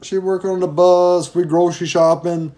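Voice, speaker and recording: A man co-hosting a podcast in casual chat, telling stories in a relaxed way with casual slang. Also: sits high, normal speed. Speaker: podcast co-host.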